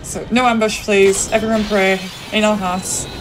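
A woman's voice: mid-range voice, flat delivery, normal speed, poor audio. A woman who is sick, chatting through her live speedrun with a loose, laughing manner and lots of ums. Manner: chatty, laughs often, thinks aloud with many ums. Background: game music.

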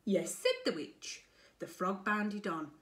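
A woman primary school teacher reading a picture book aloud to children in a remote lesson, with an animated, expressive delivery. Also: medium pitch, slow. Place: home-recorded remote lesson video.

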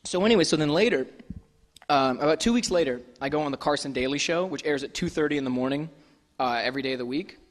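Brief: self-deprecating male author, slightly high voice, storytelling live, long hall reverb. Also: fast. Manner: wry, self-deprecating, loose and chatty. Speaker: author and guest speaker. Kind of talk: comic storytelling to a live audience. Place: festival venue hall.

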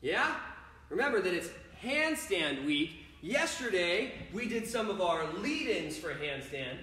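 A man's voice: high voice, big pitch swings, unhurried, bright, forceful tone, heavy reverb. A man coaching a children's home gymnastics workout, upbeat and playful, talking straight to the kids watching. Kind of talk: kids' home workout lesson.

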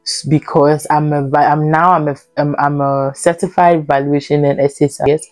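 A woman's voice: deep voice, level tone, moderate pace, darkish tone, no echo, faint music behind. A young woman from Ghana giving casual travel advice in a vlog, chatty and laughing often, sometimes acting out airport conversations in a raised voice. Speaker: vlogger.

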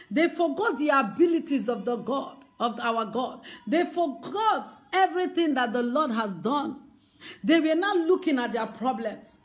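A woman evangelist, preaching a sermon full of emphatic, repeated rhetorical questions. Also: high voice.

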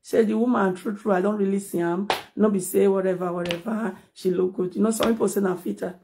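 Gravelly Nigerian woman ranting on a phone. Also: medium pitch, steady tone, fairly quick, background noise. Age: adult mother. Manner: confrontational, scolding, mixes English and Pidgin. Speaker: social media personality. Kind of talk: heated live video rant.

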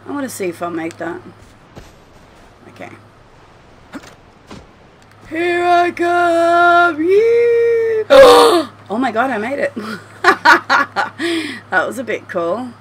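A woman's voice: a little high, lively intonation, a little slow, long pauses, background noise. A woman commentating her gameplay at home, chatty and swearing freely as she talks to the game. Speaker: gameplay streamer. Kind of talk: let's play commentary.

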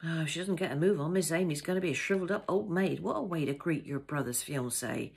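A woman's voice: low voice, fast talker, vocal fry, a little mellow, slightly rough, heavily acted. A woman doing a bossy old-fashioned cook. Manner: scolding, bossy. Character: bossy middle-aged female cook, fussy and motherly.

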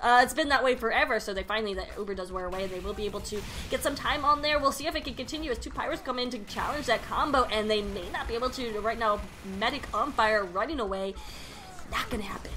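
A woman's voice: on the high side, fast talker, background noise. A woman casting a video game match, joking and riffing between plays. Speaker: esports commentator. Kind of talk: casual game commentary.

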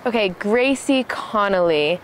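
A young woman talking to her vlog camera in a loose, chatty way. She leans on "like" and laughs easily as she recounts things, with a middle-pitched, everyday voice. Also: lively intonation, measured pace, a little hiss or hum. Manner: chatty, laughing, filler-heavy with "like". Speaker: vlogger. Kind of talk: casual vlog storytelling.

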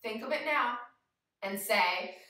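A woman's voice: a little high, expressive, slow pace, sharp tone, very echoey, recorded from a distance. A woman leading a playful yoga lesson for young children, talking straight to them in a sing-song way. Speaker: kids yoga teacher.

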